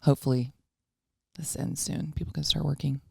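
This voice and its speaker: A woman's voice: deep voice, steady tone, fairly quick, vocal fry, dark tone, husky, no echo, clean studio sound. A woman co-hosting a podcast, chatting casually in a rambling, self-deprecating way and laughing often. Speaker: podcast co-host.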